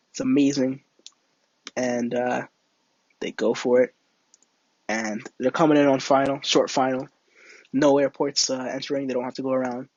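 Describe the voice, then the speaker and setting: A young man with a medium-pitched voice streams a flight game, chatting with viewers and spinning a rambling made-up story packed with fillers and restarts. The recording is lo-fi and has no room sound.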